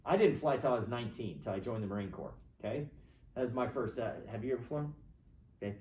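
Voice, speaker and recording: A man's voice: medium pitch, animated, fast, darkish tone. Rambling middle-aged man lecturing in echoey classroom. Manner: rambling, opinionated, keeps checking in with "right?". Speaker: college government lecturer. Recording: echoey classroom, mic far from speaker.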